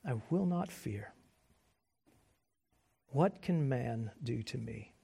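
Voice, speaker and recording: A man preaching a sermon as pastor, conversational and joking, moving between quiet asides and loud emphasis. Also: medium pitch, lively intonation, slow pace, gravelly, husky. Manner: conversational and self-deprecating humor.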